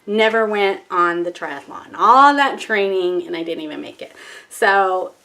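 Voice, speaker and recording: Woman, vlogger, casual storytelling, animated, self-mocking, mid pitch. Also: a little slow. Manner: chatty and animated, acts out her own panicky thoughts; swears casually, laughs at herself.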